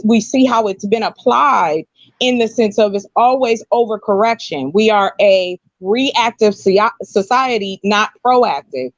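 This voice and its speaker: A woman with a fairly high voice talks frankly and with animation in a live online panel. Her audio is muffled and very dry, the way a home call mic sounds. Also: no echo. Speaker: panel guest.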